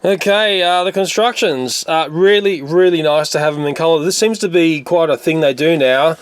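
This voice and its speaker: A man's voice: a little high, normal speed, very noisy. A man, coughing and unwell, giving jokey, casual toy unboxing commentary. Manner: jokey, trails off into "blah blah". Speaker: toy reviewer. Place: home room with toys.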